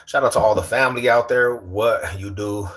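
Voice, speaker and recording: Male livestream host, slangy, animated, teasing banter. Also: fairly low pitch, moderate pace. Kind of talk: casual livestream chat.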